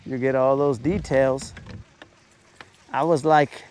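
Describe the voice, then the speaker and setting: A man's voice: medium pitch, fairly even intonation, takes it slowly, darkish tone, slight background noise. A man hosting a fishing show, giving laid-back, joking commentary from a boat on a lake.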